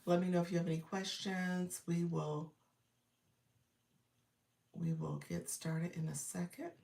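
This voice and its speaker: A woman's voice: lowish voice, flat delivery, a little slow, creaky, dark tone, reverberant, distant mic. A woman coaching live hosts on a livestream, sounding congested from an illness. She greets viewers by name and laughs often. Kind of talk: casual livestream chat with viewers.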